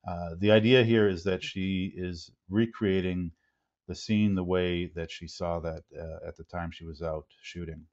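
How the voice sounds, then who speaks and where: A man hosting a webinar, reading a formal, measured introduction of a guest. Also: low-pitched, level tone, darkish tone. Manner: measured, formal, some ums. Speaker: webinar host. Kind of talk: read-out introduction. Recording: dull lo-fi webinar audio.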